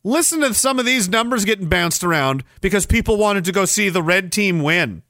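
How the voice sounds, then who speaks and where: Sarcastic ranting man, bright voice. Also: sits high, animated, fairly quick, no room sound, clean studio sound. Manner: sarcastic, profane, rambling. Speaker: livestream host. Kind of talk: ranting livestream commentary.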